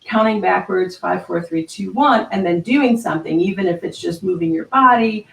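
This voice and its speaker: A woman's voice: medium pitch, lively intonation, moderate pace, creaky, recorded from a distance. A woman hosting a motivational live talk, emphatic and chatty, who keeps checking in with "right?". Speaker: host. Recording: roomy sound, voice set back from mic.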